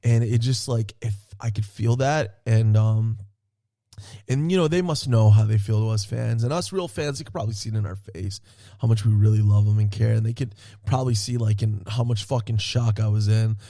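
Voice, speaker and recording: A man excitedly telling a story in a casual podcast chat, swearing often and laughing as he talks. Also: on the low side, normal speed, dry recording, studio quality. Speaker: podcast co-host.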